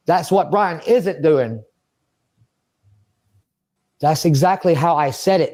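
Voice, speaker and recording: A man's voice: on the high side, takes it slowly, pauses often, darkish tone. A man speaking in an interview, rambling and agitated, swearing and talking to himself. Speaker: interview subject. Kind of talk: emotional interview monologue.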